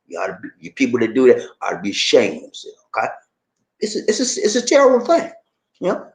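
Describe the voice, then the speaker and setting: A middle-aged man vlogging at home in casual commentary, animated, rambling and emphatic. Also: mid-range voice, fast talker. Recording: roomy echo.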